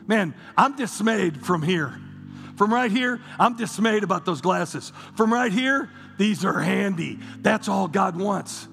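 A man's voice: sits high, expressive, measured pace, vocal fry, a bit bright, slight background noise. A male pastor preaching a sermon to a church audience, impassioned and emphatic, repeating words as he drives his points home. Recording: long hall reverb with music behind.

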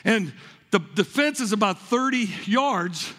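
High-voiced husky preacher in a big echoing hall. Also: male voice, unhurried. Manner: animated storytelling, repeats words, acts out with congregation. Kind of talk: energetic sermon with stories. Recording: long hall reverb, large room.

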